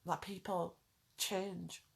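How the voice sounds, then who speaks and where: Speaking slowly in a fairly low, flat voice with vocal fry and a slightly rough edge, this female vlogger pours out a heartfelt rant directly to her audience. She pleads and repeats herself for emphasis.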